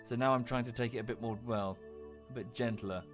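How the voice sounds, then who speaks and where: A man's voice: mid-range voice, fairly even intonation, a little fast. A young man chatting over a game stream in a medium voice, rambling and self-mocking, swearing lightly. He speaks into a desk mic. Faint game music plays behind him. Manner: chatty, self-mocking, coos baby talk at his dog. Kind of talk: casual game commentary.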